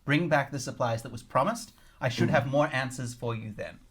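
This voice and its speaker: A man's voice: mid-range voice, moderate pace, fairly bright tone, slightly rough. A man running a tabletop game as game master, playful and laughing often.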